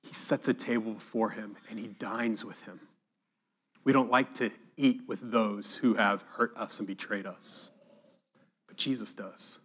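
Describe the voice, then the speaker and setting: A man preaching a sermon, reading scripture aloud with emphasis and dropping to a hushed, quiet voice to reflect on it. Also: lowish voice, fairly even intonation, unhurried, husky.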